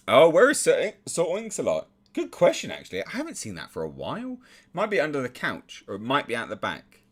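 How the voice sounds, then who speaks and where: A man's voice: mid-range voice, huge pitch swings, moderate pace, long pauses. A young English man chatting casually on a live stream and reading out viewer comments. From England.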